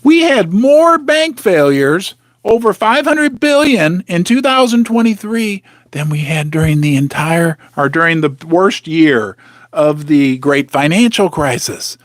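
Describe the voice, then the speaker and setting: A man with a slightly high, lively voice speaks at a measured pace, recorded cleanly with no echo, like a studio. He hosts a precious metals channel and rambles casually from his home basement, addressing viewers directly with sarcastic asides and muttering to himself.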